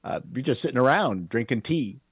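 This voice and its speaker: A man's voice: medium pitch, lively intonation, a little fast, husky, dry recording, studio quality. A man from Canada, a former network executive, guesting with wry, joking banter. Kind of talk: casual banter.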